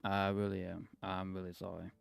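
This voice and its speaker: A man streaming live in casual chat, swinging between soft apologies and loud excited exclaims, laughing and cutting himself off often. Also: low-pitched, moderate pace, creaky, smooth, no room sound. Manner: self-interrupting, laughs often.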